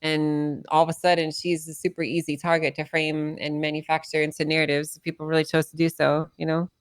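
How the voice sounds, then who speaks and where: A woman playing a police officer in an online role-play, setting out her concerns in a measured way. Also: low-pitched, flat delivery, no room sound. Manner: measured, voices concerns plainly. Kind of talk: casual in-character role-play chat.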